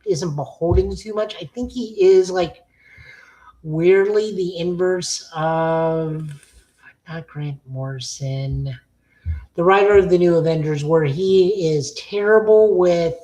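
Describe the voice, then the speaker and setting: A woman's voice: fairly low pitch, slow pace, mellow, rough recording. Blunt, opinionated woman podcast co-host. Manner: opinionated, blunt, frequent fillers. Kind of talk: casual comic-book review chat.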